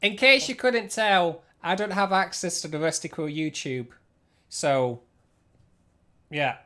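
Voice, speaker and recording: A man's voice: sits high, takes it slowly, sharp tone. A man chatting casually on a live stream as he reacts to clips, teasing and giggly.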